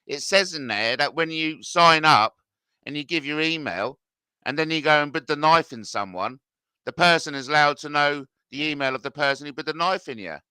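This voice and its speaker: A man's voice: on the high side, sharp tone, clear, resonant tone, dry recording, studio quality. A middle-aged man reading out viewer comments and ranting back, agitated and swearing, his voice climbing when confronted.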